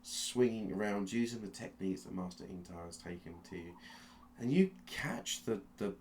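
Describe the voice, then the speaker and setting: A man narrating a tabletop game as game master, telling the story slowly and with suspense, often restarting his sentences. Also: deep voice, expressive, a little mellow, slight background noise. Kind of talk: dramatic second-person narration of a tabletop game.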